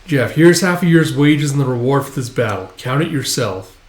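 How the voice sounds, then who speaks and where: A man's voice: mid-range voice, expressive, moderate pace, natural voice. A man voicing a pompous middle-aged nobleman who coaxes and blusters, reading in a raised voice. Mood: coaxing. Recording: roomy echo.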